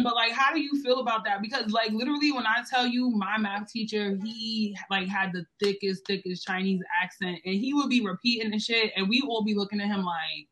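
A young woman co-hosting a casual chat, blunt and profane, swinging between loud outbursts and low muttering. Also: poor audio. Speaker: co-host.

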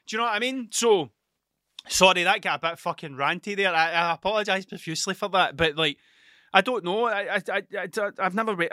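Sweary, rambling Scottish man, bright voice. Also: sits high, no room sound, clean studio sound. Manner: sweary, rambling, self-interrupting. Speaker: podcast host. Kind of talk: casual rambling monologue.

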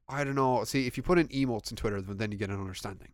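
A young man chatting casually as a podcast host, animated and swearing, acting out text messages. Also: fairly low pitch, quick pace, a little hiss or hum. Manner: animated, swearing, acts out texts. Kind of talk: casual chat.

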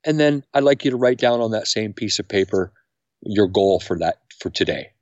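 A middle-aged man speaking as a podcast guest, energetic and acting out quotes with big jumps in pitch. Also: normal speed, dry recording. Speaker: podcast guest, camp founder. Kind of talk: animated interview talk. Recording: dry, slightly dull sound.

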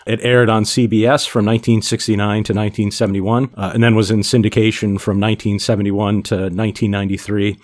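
A man co-hosting a podcast, laying out background facts in a relaxed way with frequent pauses. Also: on the low side. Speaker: podcast co-host. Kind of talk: casual podcast chat.

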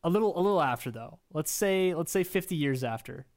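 A man's voice: fairly high pitch, animated, brisk, darkish tone. A young man co-hosting a casual chat, rambling and hesitant as he improvises a hypothetical scenario. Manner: rambling, hesitant, restarts often while improvising. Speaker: podcast co-host.

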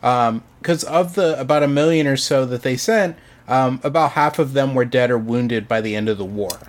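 Man, podcast co-host, history explainer, middle pitch, hesitant, lots of fillers. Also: moderate pace. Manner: hesitant, many ums and sort ofs.

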